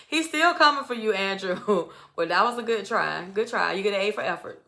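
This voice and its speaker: A woman's voice: medium pitch, fairly quick, hardly any pauses. Sassy woman recapping reality TV. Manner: animated, sassy, acts out quotes with attitude. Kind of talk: casual recap commentary.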